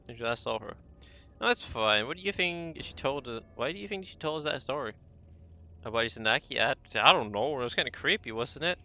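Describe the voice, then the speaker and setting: A man's voice: mid-range voice, expressive, fairly quick, pushed and bright. A man streaming a horror game, joking around, laughing at himself and stammering playfully. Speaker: gaming streamer. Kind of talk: let's-play commentary.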